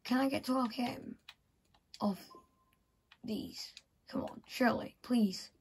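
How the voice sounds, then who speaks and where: A woman's voice: on the high side, takes it slowly, vocal fry, slightly rough. A woman vlogger thinking aloud as she plays a video game, muttering to herself in casual commentary. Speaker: gameplay vlogger.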